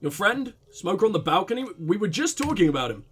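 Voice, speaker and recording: A man's voice: high-pitched, big pitch swings, fast, a bit bright, breathy edge, exaggerated voice. A man voicing a blunt, impatient police detective who questions in a probing, exasperated way. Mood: pressing, impatient.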